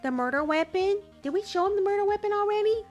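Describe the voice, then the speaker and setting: A woman's voice: extremely high pitch, lively intonation, fast talker, a little mellow, soft background music. A woman streamer giving casual commentary over a game, chatty and exclaiming as she talks to her chat. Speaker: gaming streamer.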